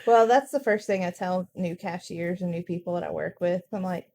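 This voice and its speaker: A woman's voice: lowish voice, moderate pace, few pauses, a little hiss or hum. Blunt, profane woman chatting casually. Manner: blunt, profane storytelling with lively acted quotes. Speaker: podcast co-host. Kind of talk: casual chat.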